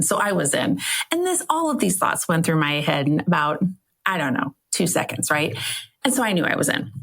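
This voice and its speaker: Chatty gravel-voiced woman podcaster. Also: fairly low pitch. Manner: chatty, self-questioning, frequent "right?" tags. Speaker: podcast host. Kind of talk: solo podcast storytelling.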